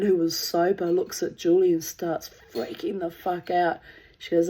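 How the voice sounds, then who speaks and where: A woman's voice: on the low side, flat delivery, normal speed, warm tone. A woman telling a personal story in a candid, rambling way, swearing freely. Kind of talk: casual spoken storytelling.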